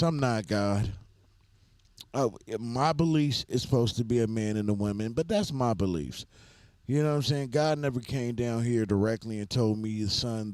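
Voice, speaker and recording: A man's voice: medium pitch, darkish tone, no echo. A man co-hosting a live show, speaking bluntly and emphatically and repeating himself for stress. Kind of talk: casual opinionated chat.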